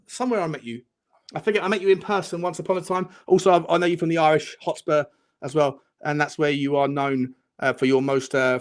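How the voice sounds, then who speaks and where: Fast-talking, effusive male podcast host. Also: a little high. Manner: rapid, effusive shout-outs to supporters. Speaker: channel host. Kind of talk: casual fan podcast chat.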